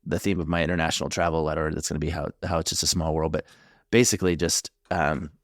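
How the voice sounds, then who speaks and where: Deep-voiced man, halting and reflective. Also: little pitch movement, no echo, clean studio sound. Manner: reflective, halting, many restarts and fillers. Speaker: marriage therapist, podcast co-host. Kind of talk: casual conversational podcast chat.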